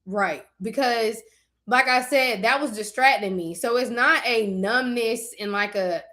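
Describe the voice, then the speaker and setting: A woman's voice: on the high side, takes it slowly, fairly bright tone. A young adult woman in a casual faith vlog, talking candidly and conversationally and speaking straight to her viewers. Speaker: faith vlogger.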